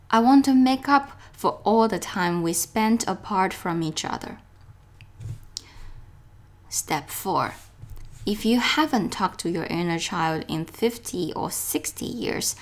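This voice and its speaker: A woman whose first language is Chinese, reading a guided self-help exercise aloud in a slow, gentle way that turns playful. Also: on the low side. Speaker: self-help course host.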